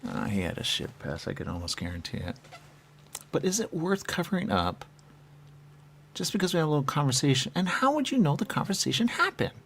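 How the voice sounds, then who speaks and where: Gravelly man, wildly lively delivery. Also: on the high side, a little fast, slight background noise. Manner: laughs often, swings from shouting to muttering. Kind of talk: rambling improvised comic monologue.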